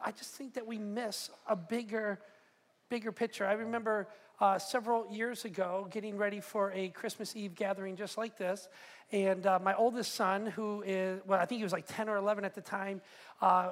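A man's voice: high-pitched, a bit bright. Middle-aged man, conversational pastor. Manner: conversational, personal storytelling with restarts. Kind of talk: sermon.

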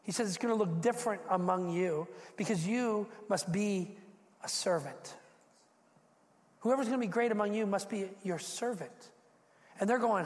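A man preaching a sermon as pastor, animated, acting out quotes and repeating words as he builds. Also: high voice, normal speed. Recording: echoey hall.

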